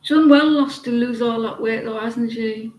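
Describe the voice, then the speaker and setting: A woman's voice: on the high side, moderate pace, a little mellow, reverberant, rough recording. A British woman doing tarot readings and chatting in a rambling, gossipy way with lots of hesitations. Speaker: tarot reader. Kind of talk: casual live-stream chat.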